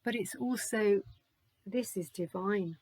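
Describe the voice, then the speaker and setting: A woman's voice: medium pitch, slow, darkish tone, breathy edge, dry recording. A woman doing a spiritual charm reading, gushing and thankful as she thinks aloud. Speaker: oracle reader.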